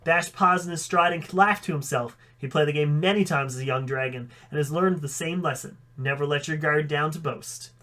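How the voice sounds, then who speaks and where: A man's voice: fairly high pitch, moderate pace, few pauses, pushed and bright. A man reading a fan story aloud, with occasional slips that he corrects. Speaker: audiobook reader.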